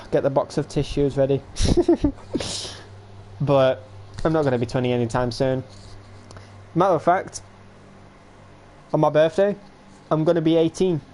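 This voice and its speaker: Rambling young man, bit high. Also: normal speed, pauses often, darkish tone, slight background noise. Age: late teens. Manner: rambling, chatty, talks straight to viewers. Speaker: livestreamer. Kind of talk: casual rambling livestream chat.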